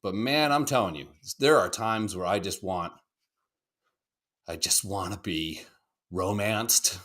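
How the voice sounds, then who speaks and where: A podcast co-host in his thirties talks slowly with a fairly low pitch and a slightly bright tone. His casual chat is rambling and profane, and he mimics other people's voices along the way.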